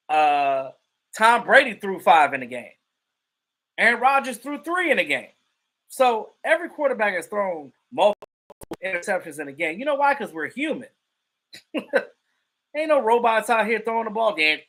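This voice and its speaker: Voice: medium pitch, a bit bright. A live stream host giving casual sports commentary and greeting chat viewers. The host is emphatic and profane and repeats points for effect.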